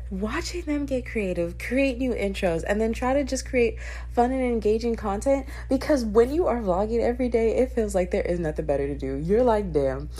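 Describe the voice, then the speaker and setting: A young woman vlogging in a casual podcast style, animated, profane and quick to laugh. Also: medium pitch.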